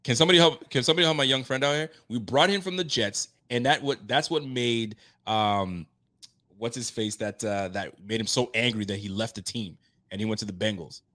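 A man hosting a casual sports podcast, animated and laughing, getting loud for emphasis. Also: medium pitch, brisk. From Haitian roots. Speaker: podcast host.

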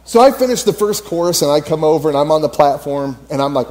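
A man's voice: a little high, lively intonation, fast talker, darkish tone. Chatty man telling a story in a sermon. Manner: rambling, laughs often, many fillers. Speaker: church speaker.

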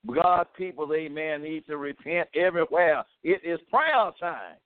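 With a slightly high, clear and resonant voice, this preacher speaks unhurriedly yet with lively intonation on a fervent radio sermon. He drops in "amen" and "praise the Lord" while exhorting his audience to pray, and the tinny, phone-like sound carries no room echo.

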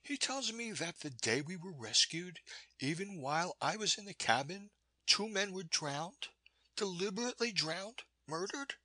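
A man's voice: lively intonation, moderate pace, sharp tone, no echo, heavily acted. A man voicing an earnest, pleading young woman. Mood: accusing. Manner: pitched higher and pleading.

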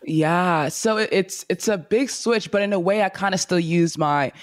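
A young woman guest in a casual interview, telling her story in a bubbly, animated way. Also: lowish voice, moderate pace, no room sound, studio quality. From from a Nigerian family. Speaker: guest, content creator.

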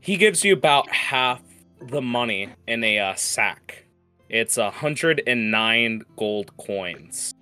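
Man, game master, casual narration, bright voice, faint guitar music behind. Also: mid-range voice, animated, slow, smooth. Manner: casual, with frequent filler words and laughter.

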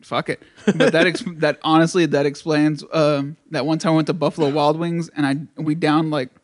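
A man with a somewhat high voice co-hosts a relaxed podcast. He tells stories in a loose, profane way and laughs a lot between lines. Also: moderate pace. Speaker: podcast co-host. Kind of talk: casual chat.

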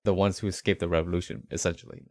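Deep, gravelly-voiced man asking curious questions. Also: little pitch movement, darkish tone, no room sound, studio quality. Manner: curious, eager questioner, quick to react with surprise. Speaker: podcast co-host. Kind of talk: casual chat.

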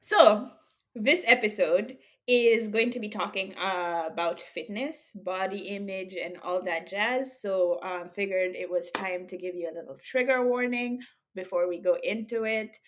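A woman's voice: mid-range voice, unhurried, fairly bright tone. A woman co-hosting a podcast, from Kenya, talking in a playful, chatty way and laughing often. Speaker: podcast co-host. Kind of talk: casual chat among friends.

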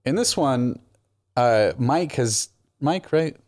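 A man co-hosting a casual movie review chat, giving opinionated, animated takes. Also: medium pitch, slow, no echo, clean studio sound. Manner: opinionated, animated, frequent restarts. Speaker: movie review podcast co-host.

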